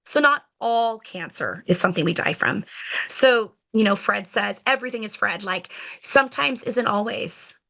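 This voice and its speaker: An educator guesting on a podcast tells stories in a chatty, animated way, acting out conversations with children and using lots of "like" and "you know." She has a mid-range voice with vocal fry and speaks at a moderate pace.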